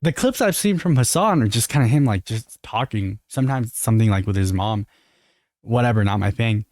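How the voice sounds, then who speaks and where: A man's voice: lowish voice, animated, a little fast, a little mellow, no echo, studio quality. An American man giving earnest, opinionated reaction commentary, talking straight to his viewers. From United States. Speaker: commentary youtuber.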